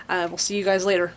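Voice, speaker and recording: A young woman vlogging from her basement bedroom in a rambling, frank, casual chat, full of fillers and soft laughs. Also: fairly low pitch, a little hiss or hum. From American Midwest or South region. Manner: frank and chatty, laughs softly between thoughts.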